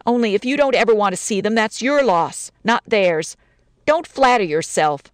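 A touchy young newlywed bride, read by a woman, with a lively, swooping voice. She rattles off quick, sarcastic complaints. The recording is close and dry. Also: medium pitch, no echo, natural voice. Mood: aggrieved. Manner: wounded, sarcastic, rapid rambling complaints. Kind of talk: dramatic story reading.

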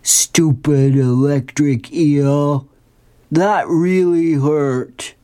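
A woman voicing a grumpy cartoon sea creature in a slow drawl. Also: extremely low pitch, big pitch swings, dark tone, no echo, exaggerated voice. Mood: grumbling.

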